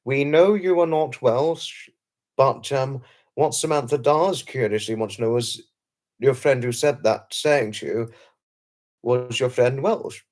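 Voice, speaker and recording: A man's voice: medium pitch, a little slow, a little mellow. Guy doing a late night live stream, mid voice, chatty, keeps repeating himself, thanking people in chat. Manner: chatty, repeats phrases, lots of thanks and hellos to viewers, chuckles often; polite, slightly formal wording with restarts. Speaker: livestream host. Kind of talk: casual live stream chat, reading and answering viewer comments.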